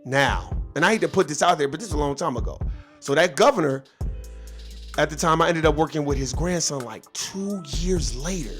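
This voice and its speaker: Male vlogger, slightly higher voice, casual profane storytelling over soft background music. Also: lively intonation, fairly quick. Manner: loose, profane, rambling with asides.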